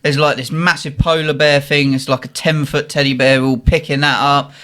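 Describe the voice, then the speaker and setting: A man's voice: a little high, a little fast. A young man telling a casual anecdote, laughing often and acting out what people said. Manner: laughing often, animated anecdote with quoted voices. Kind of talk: casual storytelling.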